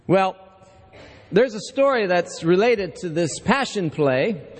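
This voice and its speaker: Pastor guy, high-ish voice, chatty sermon, echoey hall. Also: expressive, takes it slowly. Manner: conversational, storytelling, asks the congregation. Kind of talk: sermon with scripture reading and joke.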